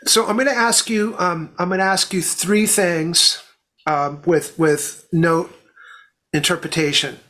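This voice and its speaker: A man interviewing a guest, a drum teacher who talks in halting starts while forming his questions. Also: high-pitched, steady tone, pushed and bright.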